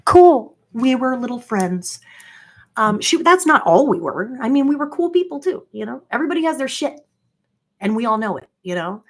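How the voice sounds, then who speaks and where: A woman in her forties talking to her viewers in a rambling, casual monologue, halting often and filling her speech with "like". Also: on the high side, sing-song. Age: 40s. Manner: halting, heavy with "like" fillers.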